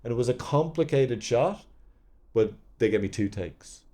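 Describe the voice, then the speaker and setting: Rambling man, mellow voice. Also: fairly low pitch, animated, fairly quick. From Ireland. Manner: rambling, storytelling, swears. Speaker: actor, podcast guest. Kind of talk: casual anecdotes.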